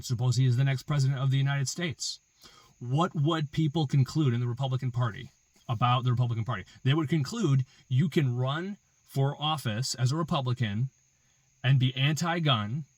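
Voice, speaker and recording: A man's voice: medium pitch, darkish tone, no room sound. Emphatic man in a dry, close room. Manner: emphatic, repetitive, building arguments with rhetorical questions. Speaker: political commentary host. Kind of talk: opinion monologue.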